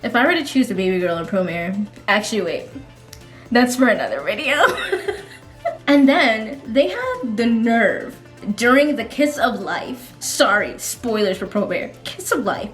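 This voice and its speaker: A woman vlogger chats through her stories in a casual, animated way, laughing often. Her voice sits a little high and swings widely in pitch. The room adds an echo, with faint music playing underneath. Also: a little slow. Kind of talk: casual storytelling vlog.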